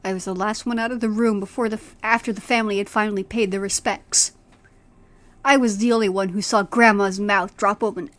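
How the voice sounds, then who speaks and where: A woman's voice: mid-range voice, steady tone, a little fast, fairly bright tone. A woman streamer reading a horror story aloud with dramatic delivery, then chatting casually with a friend.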